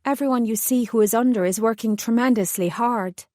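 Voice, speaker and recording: A woman narrator voicing a businesslike female fairy assistant manager with a faint Irish accent, brisk but reassuring. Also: on the high side, warm tone, no room sound, clean studio sound, natural voice.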